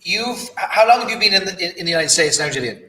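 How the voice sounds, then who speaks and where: A man hosts a relaxed chat, joking at his own expense. His voice sits a little high and sounds bright, and the room around him echoes. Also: fast talker, slight background noise. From Ireland. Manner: joking, self-deprecating. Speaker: host. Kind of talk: casual interview chat.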